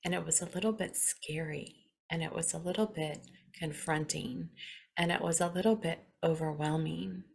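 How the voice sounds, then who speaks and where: A woman in her forties hosting a spiritual talk, speaking earnestly and reflectively with soft laughs and some emotion. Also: sits low, normal speed, vocal fry, slightly rough. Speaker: spiritual podcast host.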